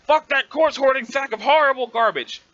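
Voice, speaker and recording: A man voicing a furious, foul-mouthed young male troll who yells and swears constantly in a dramatic webcomic reading. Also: very high-pitched, normal speed, no echo, muffled recording, voice pushed up. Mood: ranting.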